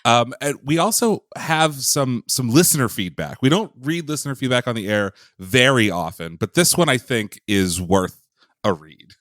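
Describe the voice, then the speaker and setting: A man's voice: mid-range voice, lively intonation, moderate pace, a bit bright, no echo, clean studio sound. A man co-hosting a film podcast in casual chat, friendly and jokey. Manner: friendly, jokey, some restarts. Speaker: podcast co-host.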